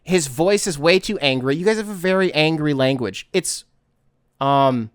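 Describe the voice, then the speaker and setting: A man's voice: a little high, expressive, normal speed, smooth, dry recording, clean studio sound. A man from the United States hosting a casual solo podcast, rambling and correcting himself as he talks. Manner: rambling, self-correcting, conversational. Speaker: podcast host.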